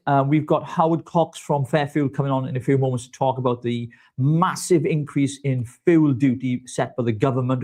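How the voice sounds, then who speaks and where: A man hosting a live online chat show. He talks casually and jokes around, flattering his co-host as he goes. His voice sits at an ordinary middle pitch. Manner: chatty, jokey, flattering.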